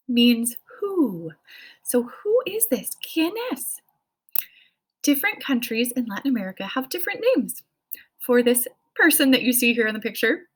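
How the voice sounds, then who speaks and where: A woman's voice: a little high, big pitch swings, moderate pace, breathy edge. A woman in her thirties teaching a children's language lesson, cheerfully prompting listeners to repeat after her. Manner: encouraging, sing-song prompts to repeat. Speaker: Spanish teacher.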